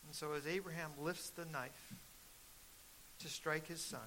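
Middle-aged male pastor, bright forceful tone, storytelling sermon that swells to loud emphasis. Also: fairly high pitch, fairly even intonation, measured pace, a little hiss or hum, low-quality recording.

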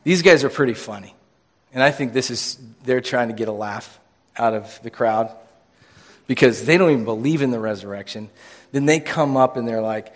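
A man's voice: medium pitch, normal speed. A man preaching an informal sermon in a church room, casual and joking with many restarts.

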